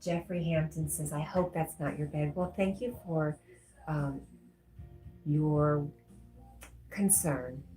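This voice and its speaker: A woman with a low, mellow voice hosts a casual livestream, reading chat messages aloud and replying to each one. Faint music plays in the background. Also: slow pace, pauses often. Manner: warm, reads chat comments aloud, gets emotional.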